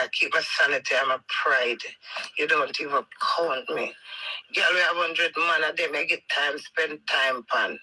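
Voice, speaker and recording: A woman's voice: low-pitched, pushed and bright, slightly rough, poor audio. A woman with a Jamaican accent, talking straight at her husband in a heated, scolding rant that circles back on itself. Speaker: wife addressing her husband.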